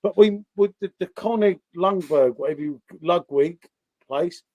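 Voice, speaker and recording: A high-pitched man hosting a beer chat, his tone mellow and his sound dry and close. He talks bluntly and swears freely, moving between stories and banter. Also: moderate pace, no echo. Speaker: beer channel host. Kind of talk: casual chat.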